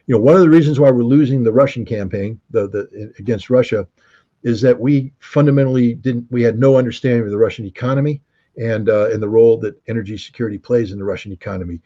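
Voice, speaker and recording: A man's voice: mid-range voice, fast talker, warm tone. A man giving emphatic, sardonic commentary in an interview, full of rhetorical questions. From United States. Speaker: guest commentator. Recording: dull lo-fi recording.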